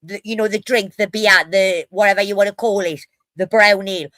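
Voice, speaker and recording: A woman from Newcastle with a Geordie accent, chatting casually as a co-host, fast-talking, blunt and full of swearing. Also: medium pitch, steady tone, a bit bright, no room sound. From Newcastle, England. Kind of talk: casual chat.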